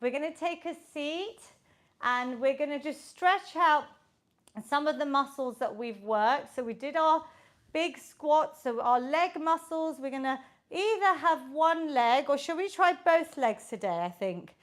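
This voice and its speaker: With upbeat, encouraging coaching, a fitness instructor from the United Kingdom leads a home workout and counts reps aloud. Her high-pitched voice is expressive and unhurried, heard on a low-quality recording.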